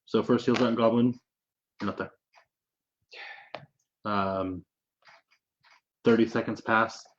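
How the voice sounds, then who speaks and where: A man's voice: fairly low pitch, steady tone, slow pace, highs cut off. A man running a tabletop game as game master, narrating loosely with swearing and restarts.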